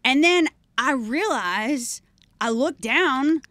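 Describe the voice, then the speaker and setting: Animated woman telling a story. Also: high voice, takes it slowly, no room sound. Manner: animated, acts out quoted voices. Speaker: guest. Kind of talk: casual storytelling chat. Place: podcast studio.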